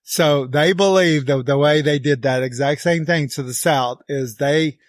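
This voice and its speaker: A man's voice: on the high side, a little slow, no room sound, clean studio sound. A middle-aged man with an Oklahoma accent, co-hosting a casual podcast chat in a rambling, emphatic way, stretching words for effect. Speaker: podcast co-host.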